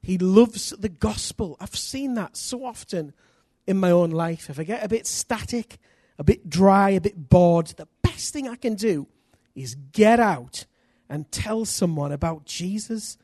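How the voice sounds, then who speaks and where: A middle-aged man from England, preaching a sermon full of personal stories, energetic and self-deprecating with bursts of loud emphasis. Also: high-pitched, measured pace, hardly any pauses, dry recording, studio quality.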